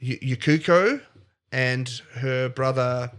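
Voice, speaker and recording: A man's voice: mid-range voice, slow, a bit bright, smooth. A man co-hosting a comedy podcast, retelling a story in a playful, rambling way. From not American. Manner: playful, rambling, self-interrupting. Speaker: podcast co-host.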